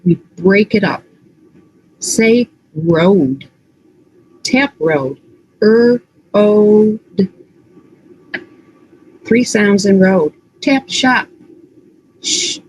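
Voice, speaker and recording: A woman literacy coach leading an early-reading lesson, saying words slowly and stretching out their sounds. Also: on the low side, darkish tone, slight background noise, poor audio. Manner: slow, deliberate, exaggerated word sounds. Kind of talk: slow instructional teaching, modeling sounds.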